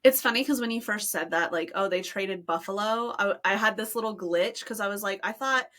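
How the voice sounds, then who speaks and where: A woman's voice: medium pitch, a little fast, fairly bright tone. A young American woman co-hosting a podcast with her sister, chatty and giggly, wandering into asides. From United States. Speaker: podcast co-host. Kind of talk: casual chat.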